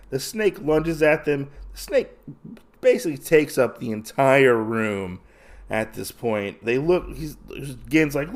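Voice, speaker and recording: A man's voice: mid-range voice, unhurried. A man hosting a podcast who retells a comic's story in a casual, rambling way, full of fillers. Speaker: podcast host.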